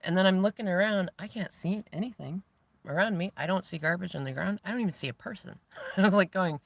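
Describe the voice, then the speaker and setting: Gravelly man around forty, dry sound. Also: high voice, quick pace, dry recording. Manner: animated, laughs often while telling the story. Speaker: host. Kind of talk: reflective spiritual storytelling monologue.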